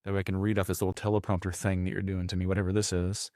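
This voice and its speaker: A man's voice: low-pitched, level tone, rapid-fire, few pauses, darkish tone, clean tone, no echo, clean studio sound. A man telling a long personal story in casual chat, with many restarts and fillers. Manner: rambling, frequent restarts and fillers.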